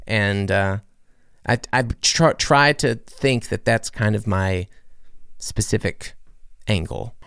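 A man's voice: medium pitch, expressive, a little slow, clean tone, no echo, studio quality. A man who is a musician and comedy creator, answering radio interview questions in an earnest, rambling way with many restarts. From United States.

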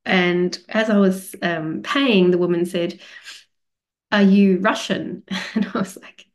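A woman's voice: lowish voice, fairly even intonation, a little slow. Chatty Australian woman podcast host. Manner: chatty and rambling, with frequent fillers and laughs. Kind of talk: casual spoken travel story.

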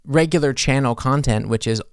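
An American musician hosts a podcast, rambling through casual chat with many fillers and self-corrections. His mid-range voice is smooth and at normal speed, captured in a dry, studio-quality recording.

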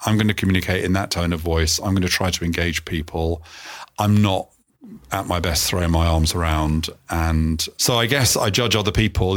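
A middle-aged man, an interview guest, telling stories about himself in a calm, self-effacing way, often stopping to restart. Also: deep voice. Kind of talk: reflective conversational storytelling.

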